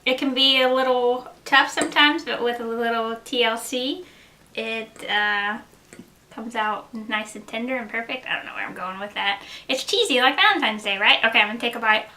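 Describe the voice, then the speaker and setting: A woman with a high, bright voice walks through a recipe in her home kitchen. Her delivery is chatty and jokey, and she laughs at her own puns. Faint clatter of pots and pans sits behind her. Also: moderate pace, slight background noise. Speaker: home cooking show host. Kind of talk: casual cooking demonstration.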